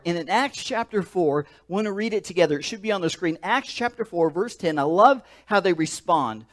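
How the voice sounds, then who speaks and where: A male pastor with a slightly high voice preaches a sermon in an emphatic, animated way. He repeats words and restarts phrases as he builds his story. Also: a little fast, hardly any pauses.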